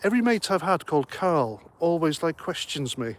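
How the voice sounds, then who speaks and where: His pitch on the high side and swinging widely, a middle-aged man chats through a casual livestream at a moderate pace. He reads comments, tells jokes as he rambles, and sounds slightly out of breath.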